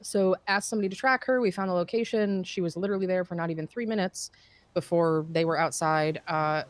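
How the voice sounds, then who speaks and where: A woman's voice: lowish voice, steady tone, fairly quick, dry recording. A woman giving a casual, rambling recap in a roleplay game, swearing and filling gaps with "uh" and "um". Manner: rambling, swearing, many fillers and restarts.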